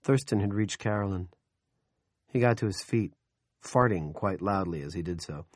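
Low voiced guy reading an audiobook, steady and wry, dry close mic. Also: moderate pace, no room sound. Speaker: audiobook narrator. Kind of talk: scripted narration.

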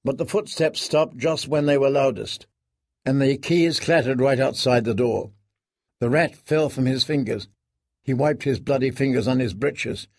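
A man reading an audiobook in a measured, grave storytelling manner. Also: mid-range voice, a little mellow, no echo, studio quality. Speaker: narrator. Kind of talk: scripted audiobook narration.

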